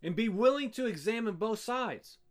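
A man delivering a sermon from the pulpit. His voice sits high and swings widely in pitch as he presses the congregation with pointed rhetorical questions. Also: normal speed. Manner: rhetorical questions, emphatic and animated. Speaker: pastor.

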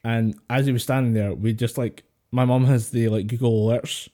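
A man co-hosts a podcast over a voice call, rambling along, laughing a lot and swearing casually. His voice is medium-pitched and warm, with fairly even intonation and a normal speaking speed. The audio comes through a voice call headset or desk mic.

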